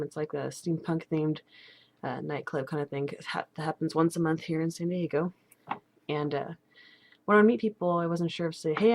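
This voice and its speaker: A woman's voice: sits low, darkish tone. A young woman chatting casually at home in a rambling vlog, full of fillers and restarts. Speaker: steampunk vlogger.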